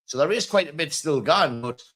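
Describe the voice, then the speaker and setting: A man's voice: a little high, animated, moderate pace, a bit bright. A man hosting a casual interview, plain-spoken, with frequent ums. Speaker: podcast host.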